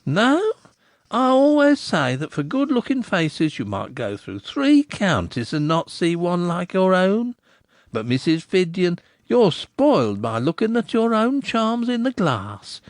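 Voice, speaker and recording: A man voicing a gossipy village innkeeper who flatters and teases in a rustic dialect. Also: high voice, unhurried, no room sound, studio quality, voice pushed up, full character voice. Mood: flattering. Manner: smooth, teasing flattery.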